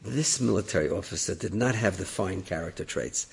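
Animated male storyteller with a raspy, bright voice and lively pitch. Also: fairly quick. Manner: animated, slips between narration and acted voices, laughs at his own jokes. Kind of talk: oral storytelling.

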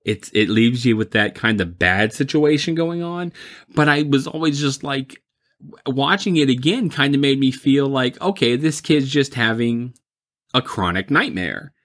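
A man's voice: medium pitch, lively intonation, normal speed, fairly bright tone. A man chatting casually about movies, rambling and mocking, laughing often.

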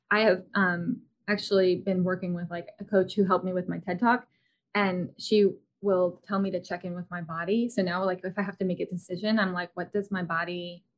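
A woman in her thirties hosting a podcast, talking casually with lots of fillers and restarts. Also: fairly low pitch. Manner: chatty, many fillers and restarts. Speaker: podcast host. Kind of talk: casual interview chat.

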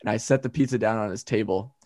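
A young man co-hosting a podcast, telling stories in an animated way and laughing often. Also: on the low side, fast, no echo, clean studio sound. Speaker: podcast co-host. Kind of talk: casual chat.

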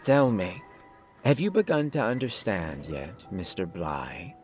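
A man's voice: sits low, sing-song, a little mellow, soft background music, exaggerated voice. A man voicing a coldly polite doctor. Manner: polite, measured, clinically detached. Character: calm menacing older male doctor, clinical.

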